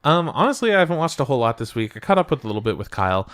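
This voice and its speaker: A man co-hosting a podcast, chatting casually and profanely as he recaps anime plots and jumps into high voices for quotes. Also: very fast, no echo, clean studio sound. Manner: profane, animated retelling with falsetto quotes. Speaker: podcast co-host.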